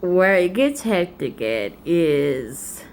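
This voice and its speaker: A woman vlogger telling a personal story in a candid, animated, colloquial way. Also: fairly low pitch, extremely slow, a little hiss or hum.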